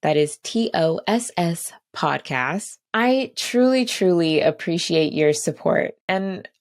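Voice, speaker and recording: A woman's voice: on the low side, expressive, takes it slowly. A woman hosting a podcast, signing off in a casual, earnest way, gushing and often repeating herself. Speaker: podcast host.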